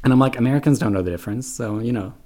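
A young man from Serbia, raised in Canada, chatting casually and playfully as a podcast guest, animated and swearing freely. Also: mid-range voice, very fast. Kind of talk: casual chat.

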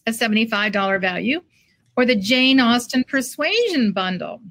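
A woman host with a bright, fairly high voice. She reads giveaway details in an upbeat way, losing her place now and then. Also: animated, normal speed. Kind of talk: casual chat.

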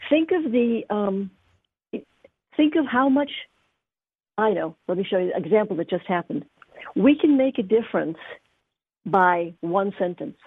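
A woman tarot teacher giving gentle, encouraging readings on a call-in show, with frequent fillers. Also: mid-range voice, lively intonation, a little slow, long pauses, husky, dry recording. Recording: dry, tinny phone-like sound.

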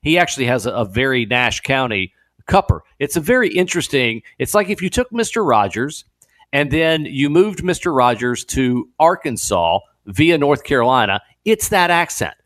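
A man guest-hosting a talk radio show, talking in an animated, incredulous way with laughing asides. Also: medium pitch, moderate pace. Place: radio studio.

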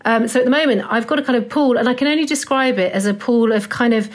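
A woman's voice: a little high, fast. A woman, an author appearing as a podcast guest, talking frankly and rambling with lots of "kind of". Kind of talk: casual chat.

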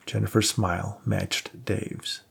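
A man narrating a novel aloud in a steady, measured reading, with small shifts in his voice for the characters. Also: on the low side, creaky, slightly rough. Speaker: audiobook narrator. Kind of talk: scripted narration.

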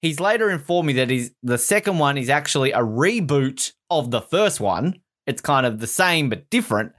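A man co-hosting a casual podcast, chatting and telling stories, often slipping into quick voices for other people. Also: mid-range voice. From Canada. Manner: animated storytelling, does quick voices for others. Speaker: podcast co-host.

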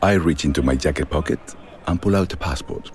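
A man telling a scene in first person, slow and deliberate. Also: extremely low pitch, a little mellow, soft background music. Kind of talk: first-person dramatized narration.

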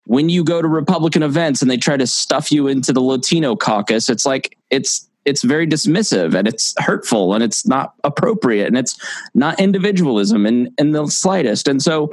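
A man's voice: mid-range voice, no echo, rough recording. A man hosting a podcast in casual conversation, often restarting and repeating words as he talks. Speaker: podcast host.

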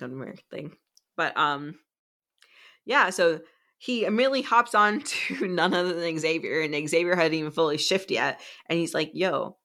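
A woman with a notably low voice retells a story in loose, chatty podcast fashion. Her recap wanders, full of "like" and "um" as she pieces events together. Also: sharp tone. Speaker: podcast co-host. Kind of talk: casual book-recap chat.

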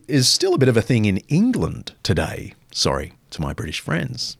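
A man hosting a podcast, answering listener questions in an animated, conversational way. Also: mid-range voice, dry recording, studio quality. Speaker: podcast host.

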